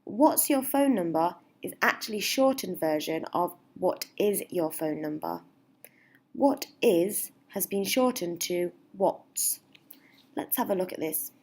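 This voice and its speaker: A woman's voice: on the low side, animated, unhurried, a little mellow. A woman teaching basic phrases, speaking patiently and repeating each example phrase with a lifted, sing-song stress. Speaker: English teacher. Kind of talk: slow, clear English lesson.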